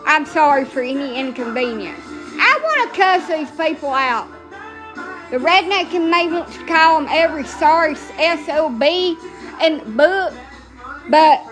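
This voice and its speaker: A middle-aged woman from Alabama with a Southern accent, chatting casually in a blunt, salty, profane way and laughing at herself. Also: sits high. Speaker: vlogger. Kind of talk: casual rambling chat.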